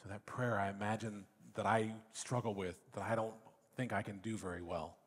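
A man's voice: lowish voice, fairly even intonation, normal speed, breathy edge. A man, a father, preaching a reflective sermon that sometimes sinks to a near whisper. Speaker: pastor. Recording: long reverb of a hall.

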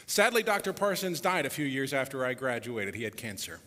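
A man giving a reflective public talk before a musical performance, animated, his voice dropping softly at the ends of phrases. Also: medium pitch, a little fast, long reverb tail. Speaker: speaker introducing a musical performance.

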